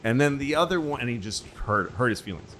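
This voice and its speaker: A man hosting a comedy podcast, telling stories in a rambling, animated, profane way. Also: mid-range voice, fast talker. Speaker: podcast host. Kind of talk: casual comedy podcast storytelling. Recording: noisy podcast recording.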